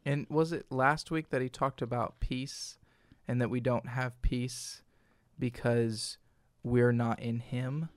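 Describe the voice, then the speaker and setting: A man's voice: medium pitch, little pitch movement, slow pace, no room sound. A man with an ordinary mid-range voice reads scripture and talks it through in an earnest, teaching manner. The recording is dry and close. It sounds like a casual devotional chat. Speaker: co-host of a lunchtime devotional show.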